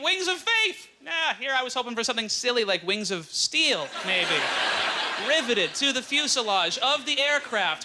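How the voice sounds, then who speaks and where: A man's voice: extremely high pitch, noisy background. A man doing a stand-up comedy set on a club stage, riffing sardonically and leaning on fillers like "you know". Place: comedy club stage before a live audience. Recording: live room with loud audience laughter.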